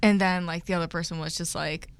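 A woman's voice: on the low side, fairly even intonation, fast talker, smooth. A woman in a casual group chat, telling a story hesitantly with many fillers.

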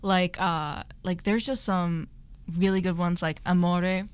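A woman's voice: fairly low pitch, fairly even intonation, a little slow, clear, resonant tone, no room sound. A woman hosting a casual group chat, talking loosely with many fillers. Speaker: host.

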